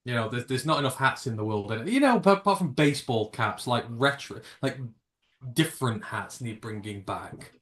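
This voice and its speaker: A man's voice: medium pitch, lively intonation, normal speed, a bit bright. A British man hosting a live reaction stream, rambling and jokey, with casual swearing. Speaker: livestream host.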